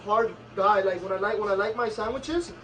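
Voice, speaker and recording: High voiced guy talking fast, flips between english and spanish, a bit far from the mic. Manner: code-switching between English and Spanish, lively retelling with acted quotes. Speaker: vlogger. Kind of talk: casual storytelling chat.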